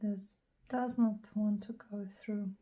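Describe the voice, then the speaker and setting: A woman talks through a craft project at an unhurried pace, musing out loud as she works. Her voice is low-toned and husky, a bit scratchy and hoarse, and she keeps clearing her throat between hesitant phrases. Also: fairly even intonation. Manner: thinks aloud, hesitant, clears throat often. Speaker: craft channel host. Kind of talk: casual crafting tutorial narration.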